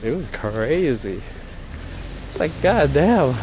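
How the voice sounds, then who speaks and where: A man's voice: mid-range voice, sing-song, takes it slowly. Rambling cursing man streaming outdoors. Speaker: IRL streamer. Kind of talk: casual live-stream storytelling. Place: outdoors on a city street in light rain. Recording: street noise behind.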